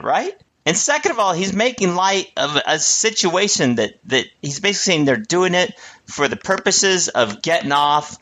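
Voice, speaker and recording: Man, bright sharp voice, lively pitch, profane casual podcast banter, laughs a lot. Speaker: podcast co-host. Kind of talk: casual comedic commentary.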